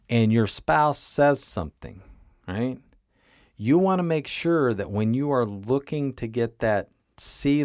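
A man's voice: mid-range voice, darkish tone, no echo, clean studio sound. A man hosting a coaching podcast, explaining casually and often checking in with "right?" and "okay?". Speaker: life coach and podcast host.

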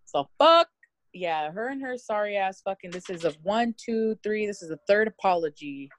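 A woman's voice: moderate pace, rough recording. Brash, swearing podcast woman. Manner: loud, profane and animated, swings in pitch. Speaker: podcast co-host. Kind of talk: casual podcast chat.

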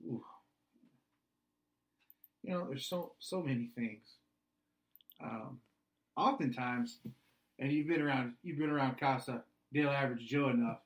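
A middle-aged man, a single dad and podcast co-host, answering questions in deadpan comic chat that slips into song lyrics and sometimes swells to shouts. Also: mid-range voice, unhurried, long pauses.

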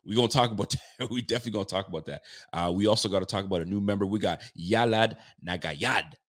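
A man's voice: lowish voice, fast, a bit bright. Fired-up man ranting after a game. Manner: ranting, emphatic, addresses viewers as folks; holding volume down while fired up. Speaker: sports fan show host. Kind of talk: late-night post-game reaction livestream.

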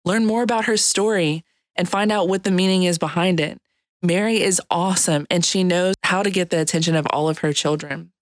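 A woman's voice: fairly low pitch, fairly quick, no room sound. A woman with a Louisiana Cajun accent giving a light-hearted, chatty devotional reflection on a podcast. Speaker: podcast contributor.

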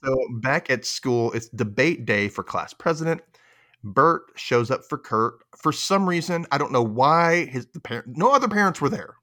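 A man's voice: mid-range voice, lively intonation, normal speed, pushed and bright. A man hosting a casual recap podcast, a little tipsy, swearing freely and laughing often. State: tipsy from drinking. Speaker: podcast host.

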